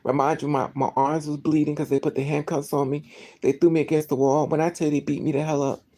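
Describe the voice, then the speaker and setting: In a casual, rambling monologue, a vlogger tells a personal story at a fast clip in a medium-pitched voice. The delivery is animated, with dialogue acted out and frequent sentence restarts.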